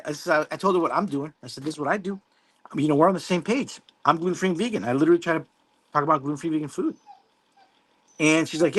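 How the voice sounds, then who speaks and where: A man's voice: a little high, fast talker, fairly bright tone. Rambling man chatting on a livestream. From Mexico. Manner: rambling, swears casually, laughs often. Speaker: livestream host. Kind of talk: casual livestream chat reading viewer comments.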